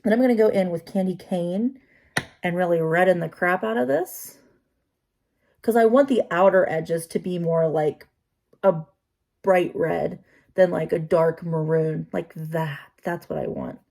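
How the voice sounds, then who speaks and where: A woman's voice: on the low side, a little slow, vocal fry, darkish tone. A woman vlogging as she does her makeup, chatty and talking to herself with self-deprecating asides. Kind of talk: casual talk while doing makeup.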